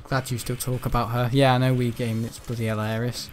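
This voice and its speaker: A man giving rambling, chatty gameplay commentary, laughing often and breaking into excitable outbursts. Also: mid-range voice, quick pace, a little hiss or hum. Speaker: gaming channel host.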